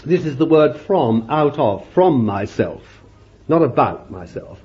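A man's voice: medium pitch, very animated, measured pace. A man preaching a fervent sermon, emphatic and exclaiming, reading scripture aloud. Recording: dull lo-fi recording.

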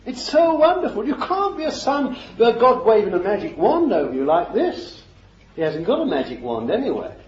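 A man's voice: sits high, sing-song, moderate pace, darkish tone, a little hiss or hum. A man preaching a sermon in a fervent, emphatic way, repeating his phrases for stress. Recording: echoey, dull lo-fi recording.

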